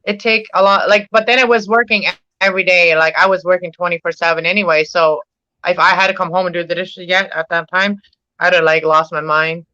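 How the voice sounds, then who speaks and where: A woman's voice: on the low side, steady tone, a little fast, pushed and bright, no echo. A woman hosting a live stream, chatting casually and laughing often. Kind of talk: casual chat. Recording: dull lo-fi dry sound.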